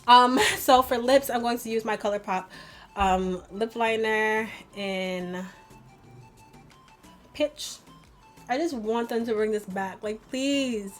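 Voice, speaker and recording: A young female beauty vlogger with a voice on the high side speaks slowly, leaving long pauses, as faint music plays. Chatting through a get-ready-with-me makeup tutorial, she rambles, uses "like" heavily, and laughs at herself along the way.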